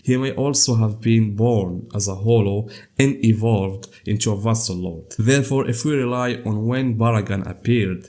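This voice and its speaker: A man with a cold and a scratchy voice, hosting an anime lore channel in a measured, scripted explainer narration. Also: fairly low pitch, a little mellow.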